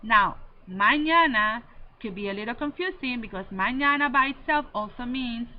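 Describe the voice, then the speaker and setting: A woman Spanish teacher giving a recorded lesson, slowly and deliberately drilling verb endings. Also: fairly high pitch, animated. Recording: slightly dull lo-fi audio with faint noise.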